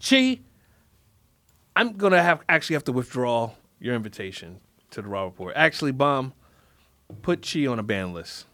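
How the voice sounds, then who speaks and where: A man's voice: medium pitch, very animated, normal speed, long pauses, pushed and bright, dry recording. A man hosting a comedy podcast, ranting in a rambling, profane way and mock-scolding world leaders. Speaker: podcast host.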